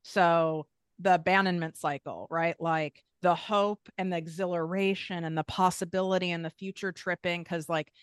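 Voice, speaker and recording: Frank, emphatic woman, smooth low voice. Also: fairly even intonation, normal speed, no room sound, clean studio sound. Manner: frank, emphatic, swears casually. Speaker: podcast guest. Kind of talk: candid personal conversation.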